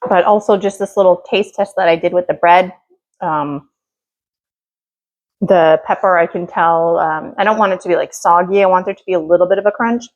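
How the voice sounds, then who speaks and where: A woman's voice: fairly low pitch, normal speed. A middle-aged woman hosting her own home cooking vlog, talking in a rambling, chatty way with many fillers while she cooks. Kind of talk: casual cooking chat.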